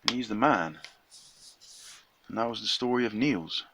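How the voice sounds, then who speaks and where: A man's voice: fairly low pitch, animated, moderate pace, background noise. Chatty man telling a folk tale. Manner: chatty, slangy retelling with quoted voices. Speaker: storyteller.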